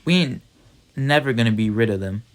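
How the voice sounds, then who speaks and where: A man's voice: mid-range voice, lively intonation, lightly acted. A man voicing a scrappy city boy, coaxing. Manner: coaxing street slang, quick.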